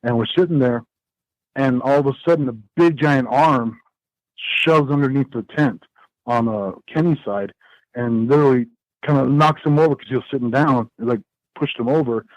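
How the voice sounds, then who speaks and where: A man of middle pitch rambles through a story with lots of "uh" and "you know," talking as a podcast guest. The sound is dry and close, with no room echo. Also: moderate pace. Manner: rambling, animated storytelling with many fillers and restarts. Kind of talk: casual storytelling in a podcast interview.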